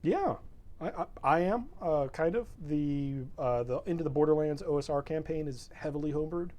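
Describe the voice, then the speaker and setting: A man's voice: on the high side, normal speed, darkish tone. A young man in a casual, rambling stream chat, self-deprecating and laid-back, plugging the show between stories. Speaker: show regular.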